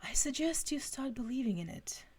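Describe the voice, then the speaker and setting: A woman voicing an earnest, scholarly British male school librarian, speaking in a hushed near-whisper with a put-on British accent. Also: sits high, lively intonation, moderate pace, breathy edge, pitched above the performer's own voice. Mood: grave.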